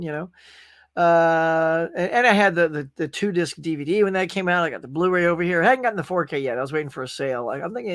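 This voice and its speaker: A man's voice: high-pitched, fairly bright tone, no echo, studio quality. A man hosting a casual pop-culture live stream, rambling through stories and reading viewer comments aloud. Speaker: podcast host.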